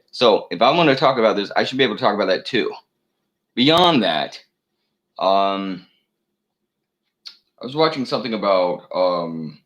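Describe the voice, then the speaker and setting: In a low-quality recording, a channel host with a low-pitched, slightly bright voice rants alone to the camera. His monologue rambles and meanders, packed with profanity, fillers, and false starts.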